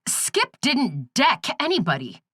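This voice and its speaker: Woman doing an anxious heroine, higher voice, urgent, pleading, lively pitch, dry sound. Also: takes it slowly, no echo, full character voice. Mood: alarmed. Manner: urgent, pleading, rising to cries. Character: alarmed woman archaeologist, protective older sister. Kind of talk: audiobook character voice.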